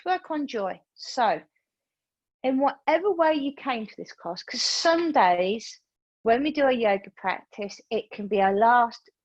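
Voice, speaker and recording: Lady yoga teacher on a zoom call, a bit high voice, dry dull sound, chatty storytelling. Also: dry recording. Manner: lively storyteller, acts out her own reactions. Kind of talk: chatty class talk with a personal story. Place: room used for online classes.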